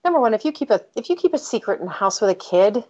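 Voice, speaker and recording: A middle-aged American author, a guest in an interview, tells a personal story very fast in a slightly high, sing-song voice with a darkish tone. She's candid and emphatic, repeatedly breaking off and restarting her sentences, on a dull lo-fi recording.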